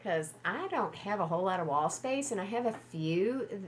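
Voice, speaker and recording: A middle-aged woman chatting casually on a livestream from home, gushing and excitable. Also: medium pitch, moderate pace, slight background noise. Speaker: livestream host.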